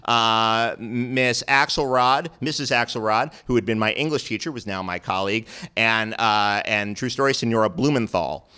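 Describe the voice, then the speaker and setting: A man from New York City telling a comic story on stage, animated and self-mocking, swearing freely. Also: lowish voice, normal speed, few pauses, clean tone. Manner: animated, profane, self-mocking, acts out quoted voices. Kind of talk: live comedic storytelling. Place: stage at a live storytelling show.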